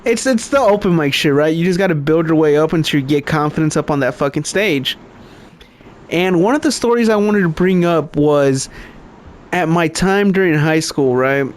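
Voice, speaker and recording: A young man on a casual podcast spins a rambling, swear-heavy story and laughs along the way. His voice sits a little higher than most men's. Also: moderate pace. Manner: profane, storytelling, laughs often. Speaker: podcast co-host. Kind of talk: casual chat.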